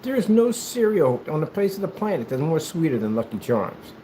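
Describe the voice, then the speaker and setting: A man from the United States chatting casually while he plays, telling rambling, animated stories in a hyperactive way. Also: a little high, a little fast, a little hiss or hum. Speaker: gaming streamer. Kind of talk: casual chat while playing.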